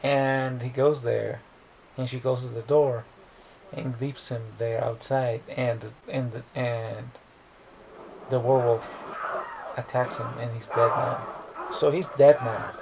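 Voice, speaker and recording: A man's voice: mid-range voice, flat delivery, slow, creaky, long pauses, a little mellow, slight background noise, poor audio. A man casually recapping a movie plot in a rambling, profane way, often restarting words. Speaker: movie reviewer.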